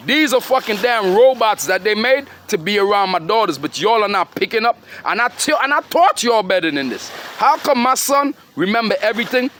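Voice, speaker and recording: A middle-aged man with a high-pitched, slightly bright voice, recorded with a little hiss or hum, delivers a rambling, preachy monologue to his children and followers. He speaks in street slang and keeps firing questions at his listeners.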